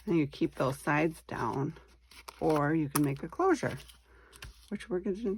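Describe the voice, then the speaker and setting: A woman's voice: low-pitched, normal speed, darkish tone, a little hiss or hum. A woman hosting a casual craft tutorial, chatting and thinking aloud as she works, easy on her own mistakes. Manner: chatty, thinking aloud while working, self-deprecating. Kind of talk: casual step-by-step craft demonstration.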